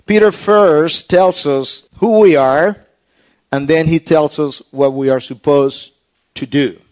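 A man delivering a sermon in an earnest, explanatory way, often restarting his phrases as he works through a text. His voice sits somewhat high for a man, and he speaks slowly and deliberately. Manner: hushed, soft prayer. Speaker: pastor.

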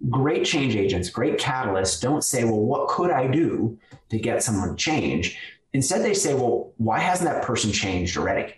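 A man being interviewed, explaining ideas and telling stories in a lively, conversational way. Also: medium pitch, normal speed. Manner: animated, lively storyteller who acts out quotes. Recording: roomy sound, somewhat far from the mic.

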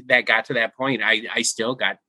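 Man, podcast guest, casual chat, bright tone, chatty, stumbling restarts. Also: mid-range voice, fairly even intonation, normal speed.

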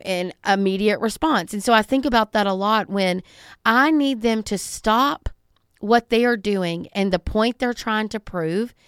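Brief talkative woman, smooth voice. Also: medium pitch, no room sound, clean studio sound. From Southern United States. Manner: conversational, emphatic, acts out callers. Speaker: podcast host. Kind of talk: solo podcast talk.

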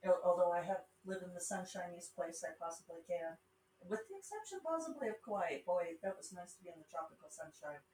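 A woman's voice: lowish voice, animated, a little fast, darkish tone, slight background noise. A middle-aged woman with a Rocky Mountain accent hosting a podcast, talking in a casual, rambling way with wry asides. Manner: chatty, digressive, wry asides. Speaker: podcast host and self-published author. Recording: roomy sound from a distance with faint ambience.

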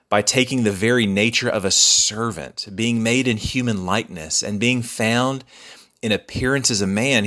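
A man preaching a sermon as a pastor, earnest and measured, repeating key phrases for emphasis. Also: lowish voice, pushed and bright.

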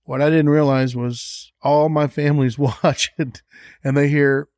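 A middle-aged man, a songwriter telling an animated anecdote in a podcast interview and acting out the voices of the people in it. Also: on the high side, unhurried, no room sound, studio quality. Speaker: songwriter guest.

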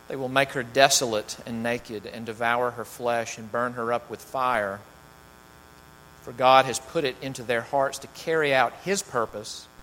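A man's voice: medium pitch, a bit bright. Preacher man in a reverberant church hall. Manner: reads scripture with rising emphasis, then talks loosely with fillers. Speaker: pastor. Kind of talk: sermon with scripture reading and prayer. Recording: long hall reverb, faint mains hum.

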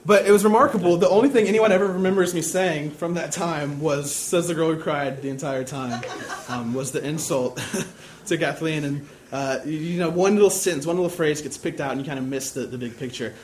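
A young man preaching a sermon, telling a personal story in a casual, self-deprecating way. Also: on the high side.

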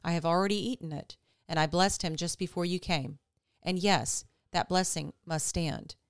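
A woman reading the lines of an old blind father, gently questioning. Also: fairly low pitch, moderate pace, no room sound, studio quality, lightly acted. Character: old blind father Isaac, frail and wary.

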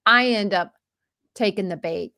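A woman's voice: medium pitch, unhurried, bright, forceful tone, no room sound, clean studio sound. A woman in her forties hosting a casual personal monologue, rambling and self-deprecating. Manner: rambling and self-deprecating, with many restarts and fillers.

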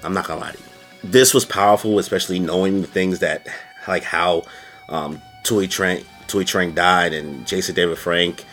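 A man giving a casual video review, talking in an animated, slangy way. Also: normal speed, faint music behind. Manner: animated, slangy, jumps into high-pitched quoted voices. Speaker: YouTube reviewer.

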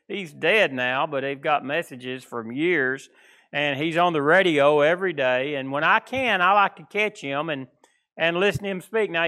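A male pastor with a country East Texas accent, his voice pitched high and ringing with a bright, forceful edge. He preaches loosely and conversationally, wandering through homespun stories and country phrasing. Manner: folksy, rambling, plainspoken with country phrasing. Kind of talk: informal sermon.

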